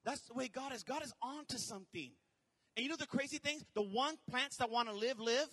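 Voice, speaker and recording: A man preaching as a pastor, animated, with shouted peaks and quick quoted asides. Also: very high-pitched. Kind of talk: sermon. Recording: long hall reverb.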